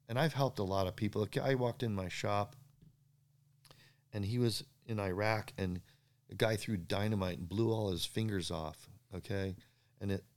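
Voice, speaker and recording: A man, a surfboard craftsman, telling animated stories in an interview, acting out the dialogue and laughing at his own jokes. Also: fairly low pitch. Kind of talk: storytelling in a podcast interview.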